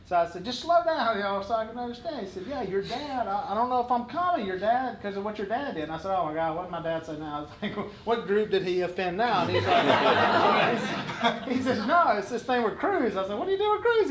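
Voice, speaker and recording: A middle-aged man spins funny stories at an event, his voice pitched high and lively with laughter. He acts out each person in the tale with animated flair. The recording carries a roomy hall echo and a clear wash of room noise. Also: fairly quick, few pauses. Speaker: guest speaker. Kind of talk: comic storytelling on stage.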